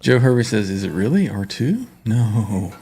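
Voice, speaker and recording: A man's voice: lowish voice, big pitch swings, normal speed, dark tone, husky, soft background music. A man hosting a casual livestream, greeting viewers and reading their comments aloud with frequent laughs. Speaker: livestream host.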